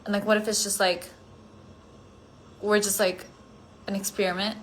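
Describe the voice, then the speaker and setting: A woman with a mid-range, level voice talks at a moderate pace over a little hiss or hum. Worn out, she rambles casually through a solo phone livestream, answering comments with lots of "like" fillers, drifting thoughts and occasional near-whispers.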